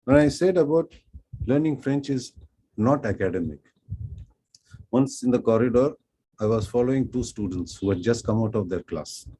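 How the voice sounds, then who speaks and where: A middle-aged man from Pondicherry with an Indian accent, teaching French through an unhurried, self-deprecating storytelling lecture. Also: medium pitch, dark tone, slight background noise, low-quality recording. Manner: unhurried, self-deprecating, acts out quoted dialogue.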